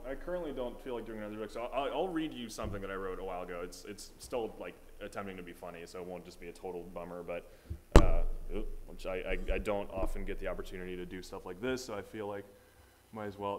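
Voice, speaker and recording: A man's voice: lowish voice, a little hiss or hum. A young man doing a stand-up set at an open mic, rambling and self-deprecating, with lots of filler asides. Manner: rambling, self-deprecating, lots of "you know what I mean". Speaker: stand-up comedian. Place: small open mic venue.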